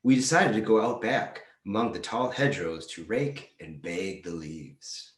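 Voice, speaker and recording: A man reading short comic prose aloud at a library storytime, with a dry, deadpan delivery. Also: fairly low pitch, unhurried. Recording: roomy echo.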